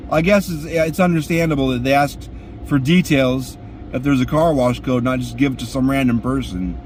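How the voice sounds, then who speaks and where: A man's voice: on the high side, fairly quick, darkish tone, slight background noise. A man ranting crudely and profanely while sitting in his car. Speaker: vlogger.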